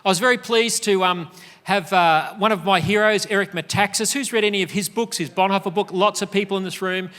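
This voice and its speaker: A man's voice: high voice, brisk, sharp tone, long reverb tail. A middle-aged Australian man giving an earnest, emphatic conference speech, with frequent fillers. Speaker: speaker. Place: large conference hall.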